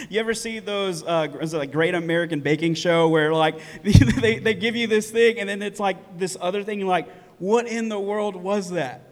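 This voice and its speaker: High-voiced pastor in a reverberant hall. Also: male voice. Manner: casual, conversational preaching with many "right?" asides; laughs lightly between points. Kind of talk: sermon. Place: church hall. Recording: long reverb of a church hall.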